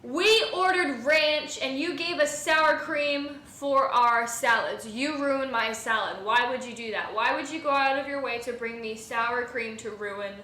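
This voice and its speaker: A woman voicing an indignant elderly female restaurant customer who is complaining in a shrill, accusing voice. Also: unhurried, few pauses, bright, forceful tone, reverberant, low-quality recording.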